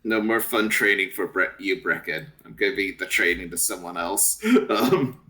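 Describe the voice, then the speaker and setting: A man playing a tabletop game, chatting casually and halting mid-sentence. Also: low voice, lively intonation, sharp tone. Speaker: player.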